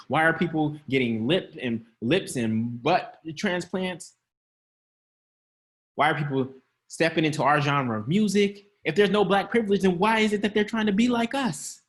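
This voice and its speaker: A man preaching a sermon to an online congregation, talking in a conversational way, laughing often and calling out to his listeners. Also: a little high. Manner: conversational, laughing, calls out to the audience.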